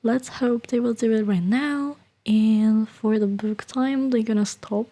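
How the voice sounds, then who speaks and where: A woman streamer talking softly and half-whispering to her chat from her bedroom, hesitant with many restarts. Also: fairly high pitch, unhurried. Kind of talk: soft-spoken whispered chat. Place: bedroom at home. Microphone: desktop streaming microphone.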